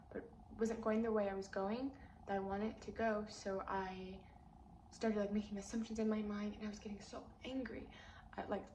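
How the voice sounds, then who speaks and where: A young woman telling an emotional personal story in a rambling way, full of "like", and her voice jumps up high when she vents. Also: a little mellow. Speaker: vlogger. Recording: echoey room with faint hiss.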